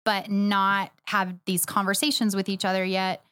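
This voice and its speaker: A woman's voice: medium pitch, little pitch movement, moderate pace, sharp tone, dry recording. A woman co-hosting a church podcast, chatting casually, laughing often and agreeing emphatically. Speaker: podcast co-host, church next steps director. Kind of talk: casual chat.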